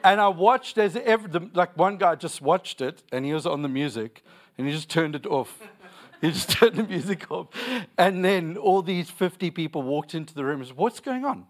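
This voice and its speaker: A man's voice: fairly high pitch, moderate pace. A young man preaching a sermon, repeating lines for emphasis and telling stories with laughter.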